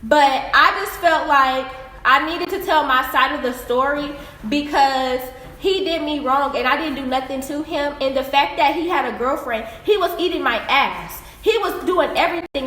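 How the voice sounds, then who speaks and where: A young adult woman vlogger animatedly retells a story, blunt and profane, in a high voice at normal speed. It was recorded on a phone in an echoey room.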